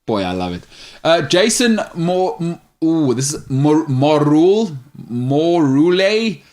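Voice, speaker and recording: A man's voice: fairly high pitch, big pitch swings, takes it slowly, darkish tone. A man hosting a sports talk show, chatting casually and jokingly as he reads out viewer questions and gives firm opinions. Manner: opinionated, joking, stumbles over names.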